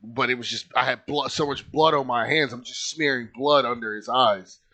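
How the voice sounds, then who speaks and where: Young man, bright-toned, casual storyteller who rambles and swears. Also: medium pitch, normal speed. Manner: rambling, lots of filler likes, swears freely.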